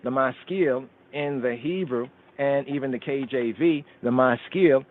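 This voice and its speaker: A man's voice: medium pitch, unhurried. A man hosting a radio scripture study, reciting verses in Amharic and Hebrew and explaining them word by word. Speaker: radio show host teaching scripture. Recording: phone-line call-in radio sound.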